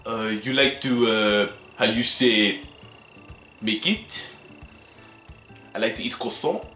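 A man's voice: lowish voice, fairly even intonation, slow pace, sharp tone, voice pushed down. A man voicing a hesitant Frenchman in a put-on French accent, groping for words. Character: hesitant, croissant-loving Frenchman. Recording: roomy, faint music.

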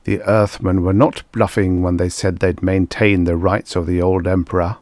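A man voicing a calm, cunning emperor in an audiobook, speaking evenly and quietly, with a mocking edge. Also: low voice, normal speed, no room sound, studio quality, close to an everyday voice.

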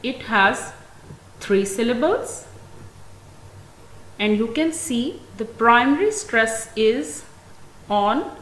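A woman with a Pakistani English accent, teaching an English class, speaking very slowly and deliberately and stressing each example word. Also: on the high side, expressive, a bit bright. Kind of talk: classroom lecture. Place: school classroom. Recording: echoey room, faint ambient noise.

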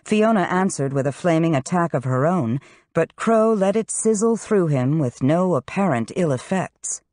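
A woman reading a fantasy novel aloud in steady, scripted narration. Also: on the low side, moderate pace, no room sound, studio quality. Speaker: audiobook narrator.

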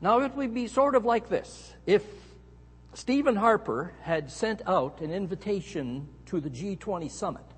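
A middle-aged Canadian man preaching a sermon, telling a story with animated emphasis on key words. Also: high voice, normal speed, breathy edge. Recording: echoey hall.

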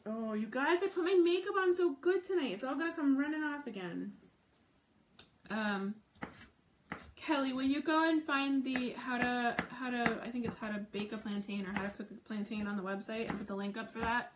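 In her home kitchen, a woman hosts a live cooking stream, chatting with viewers, answering their comments, and gushing over the food as she cooks. Her voice is fairly high-pitched at normal speed, with slight background noise.

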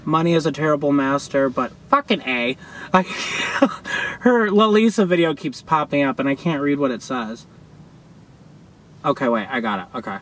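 A young man reacting to a music video from his car, gushing and sassy, with loud outbursts and laughter. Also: mid-range voice, lively intonation, measured pace, pauses often. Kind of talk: excited reaction commentary. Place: in a parked car outdoors.

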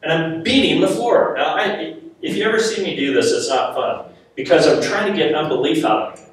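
A man preaching a sermon to a live audience, telling a personal story in an animated, self-mocking way and laughing often. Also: on the high side, fairly quick. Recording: echoey hall, mic at a distance.

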